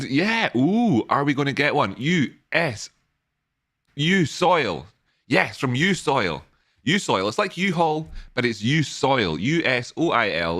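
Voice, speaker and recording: Bright-voiced playful man. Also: medium pitch. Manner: jokey, playful, rambling. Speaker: host of a live trading stream. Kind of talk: casual live-stream chat.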